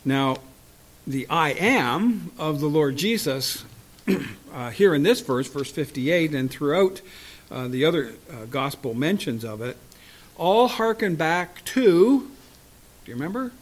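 Unhurried male Bible study teacher, fairly high voice, chuckles often and leans hard on scripture. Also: animated.

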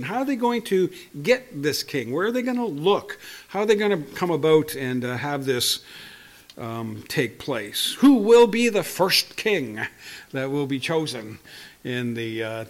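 Older male preacher, relaxed storytelling delivery, voice sits a little high. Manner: conversational storytelling with chuckles and repeated words. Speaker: pastor. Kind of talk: sermon.

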